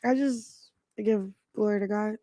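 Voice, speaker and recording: A woman's voice: mid-range voice, steady tone, measured pace, warm tone, no echo, clean studio sound. A woman who is a guest on a podcast gives short, blunt replies in casual chat.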